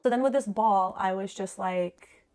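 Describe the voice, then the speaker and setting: A woman in her thirties telling a personal story in a rapid, conversational way, full of "like" fillers. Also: mid-range voice, a little mellow.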